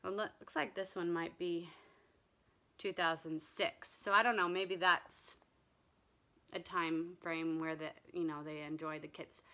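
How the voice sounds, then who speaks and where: A woman's voice: fairly low pitch, fairly even intonation, a little slow, pushed and bright. A woman vlogger chatting casually about her stitching, rambling along with ums and restarts. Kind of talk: casual chat.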